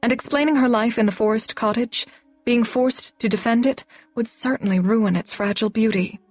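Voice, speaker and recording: A woman narrating a novel as an audiobook in a steady, even storytelling voice. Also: a little high, normal speed, no room sound.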